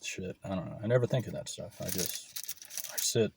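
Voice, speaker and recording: A man with a lowish voice chats and rambles over lunch, cursing freely. He talks straight to the camera, picked up by the camera mic and not a clip-on. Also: moderate pace, gravelly, darkish tone, slight background noise. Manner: rambling, profane, swears often. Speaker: vlogger. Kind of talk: casual chat while eating lunch.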